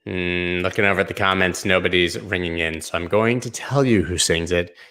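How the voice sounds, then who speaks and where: A man's voice: low-pitched, steady tone, moderate pace, pushed and bright. A man hosting a live crypto stream, talking casually and loosely over price charts with slang and asides. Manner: loose, rambling, slangy, hums and sings snippets. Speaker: crypto show host.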